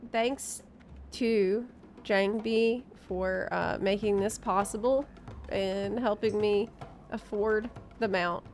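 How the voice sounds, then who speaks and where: A young adult woman streaming a game, chatting casually and musing aloud, easily delighted. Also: mid-range voice. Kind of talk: casual gaming stream chat.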